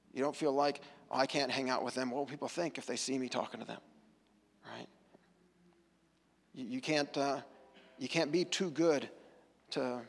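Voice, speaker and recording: A man's voice: a little high, creaky. A man giving a sermon as pastor, earnest and conversational, often restarting his sentences. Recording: long church hall reverb.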